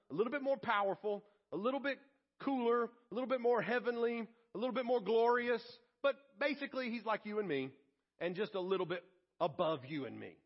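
Male pastor, high and husky, dramatic delivery, dull lo-fi sermon recording. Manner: dramatic preaching, swings from hushed to emphatic.

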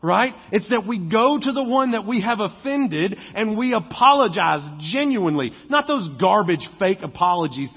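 A male pastor with a high, husky voice preaches a conversational sermon, slipping into other voices to act out quotes. The sound is dull and lo-fi, with a long reverb from a church sanctuary. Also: animated, moderate pace, few pauses. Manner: conversational and joking, acting out quoted speech.

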